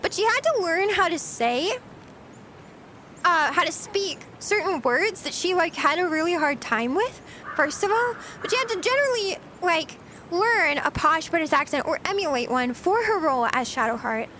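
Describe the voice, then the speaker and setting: A woman's voice: very high-pitched, animated, normal speed, sharp tone. Woman streamer, casual live chat, giggly, talkative, faint background noise. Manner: giggly and chatty, reads and answers chat.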